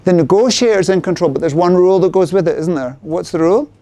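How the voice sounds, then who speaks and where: Mellow-voiced man giving a sales seminar. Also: high voice, fast. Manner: frequent tag questions to the audience. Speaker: sales workshop presenter. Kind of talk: interactive seminar talk.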